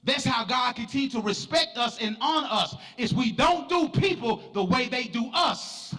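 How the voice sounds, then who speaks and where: High, bright-voiced preacher shouting. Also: male voice, animated, moderate pace. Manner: emphatic, shouting preaching cadence. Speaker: pastor. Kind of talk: sermon. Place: church sanctuary. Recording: long church reverb with faint music.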